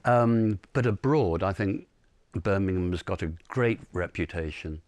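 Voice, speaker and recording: A man speaking as a panel guest in a measured way, often murmuring agreement. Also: sits low, a little mellow, no echo. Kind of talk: panel discussion.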